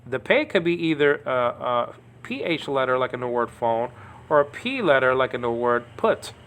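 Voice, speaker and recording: A man's voice: mid-range voice, sing-song, normal speed, a bit bright. Home-lesson teacher, male, digressive, keeps asking "okay?". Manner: rambling, digressive, says "okay?" often. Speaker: Greek teacher. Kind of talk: informal home video lesson.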